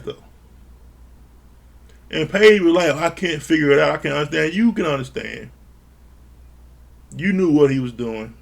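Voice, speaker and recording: A man's voice: on the high side, gravelly. A man recapping a reality show in a casual, blunt and profane way, sounding exasperated. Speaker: show reviewer.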